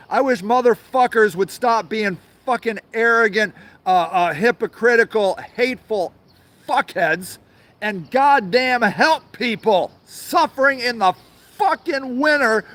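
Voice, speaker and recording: A man's voice: very high voice, measured pace, fairly bright tone. A man hosting his own show from an outdoor garden, ranting angrily and sarcastically, swearing a lot and repeating himself. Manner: angry, profane, sarcastic, repetitive. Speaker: show host. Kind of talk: profane outdoor rant.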